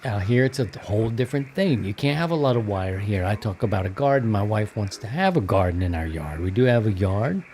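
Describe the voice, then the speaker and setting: A man's voice: fairly low pitch, expressive, brisk, few pauses, a little mellow, a little hiss or hum. A man hosting a radio-hobby podcast in a loose, rambling, casual chat with many fillers. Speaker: podcast host.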